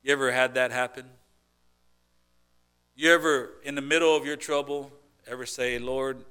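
A pastor preaches to his congregation in a mid-range, level voice that is smooth and moderately paced. He speaks conversationally, using rhetorical questions and shifting between loud emphasis and quiet asides.

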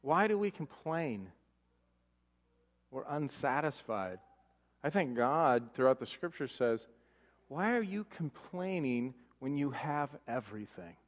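A man preaching a sermon as pastor, animated, firing off rhetorical questions and mimicking grumbling voices for laughs. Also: medium pitch, takes it slowly. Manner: animated, rhetorical questions, mock-complaining voices for comic effect. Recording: long hall reverb.

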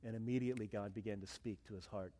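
A male pastor preaching a sermon, telling a story in a humorous, animated way. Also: fairly low pitch, fast.

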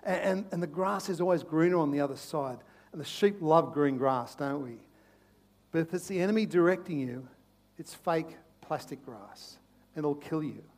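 High-voiced pastor preaching. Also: male voice, moderate pace. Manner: passionate, swings from loud urgent pleas to hushed intimate tones; repeats phrases, restarts with stammers. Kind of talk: sermon.

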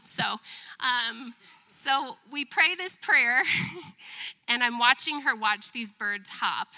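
Bright-voiced woman telling a church testimony. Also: fairly high pitch. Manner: animated, self-mocking, laughs often. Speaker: church member giving a testimony. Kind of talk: live church testimony storytelling. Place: church service.

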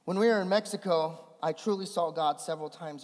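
A man preaching a sermon as a pastor, swinging between animated emphasis and hushed storytelling. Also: a little high, brisk. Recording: long hall reverb.

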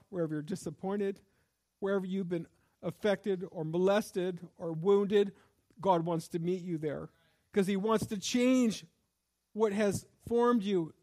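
A man's voice: high voice, a little mellow. A man preaching a sermon as pastor, moving between scripture reading and impassioned prayer.

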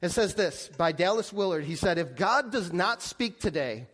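High-voiced man preaching conversationally. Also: lively intonation, normal speed, fairly bright tone. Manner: conversational, many restarts and rhetorical questions. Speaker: pastor. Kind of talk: sermon.

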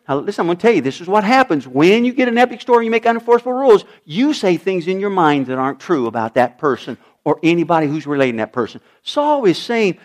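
Animated preacher man, high and lively. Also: fast talker, hardly any pauses. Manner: animated preaching, voice rising high and dropping low for emphasis. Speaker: pastor. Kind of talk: sermon.

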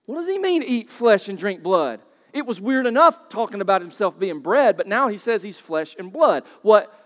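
A man with a fairly high voice preaches from the pulpit, firing rhetorical questions at the congregation. He swings from quiet explanation into loud, emphatic bursts. His voice rings out with the long reverb of a church sanctuary. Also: sing-song, normal speed. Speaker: pastor. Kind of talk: sermon.

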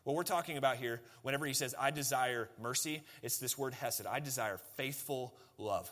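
A man's voice: mid-range voice, moderate pace, fairly bright tone. A man, preaching a sermon as pastor in a conversational way, full of rhetorical questions and folksy asides.

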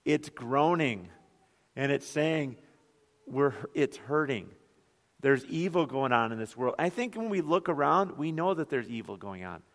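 A man's voice: fairly high pitch, expressive, normal speed. A man, a pastor, preaching an earnest sermon full of rhetorical questions. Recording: long hall reverb.

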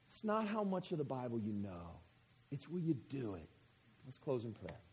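A man in his thirties, a pastor telling a story in a sermon, going from hushed to shouting. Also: mid-range voice, very animated, moderate pace, husky, long reverb tail. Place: church hall with audience.

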